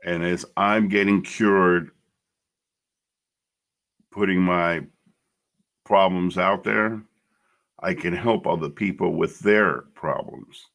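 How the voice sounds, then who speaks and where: Man, middle-aged, very low voice, gravelly, blunt, emotional, swears, personal podcast monologue. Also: steady tone, slow, pauses often, fairly bright tone. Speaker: podcast host.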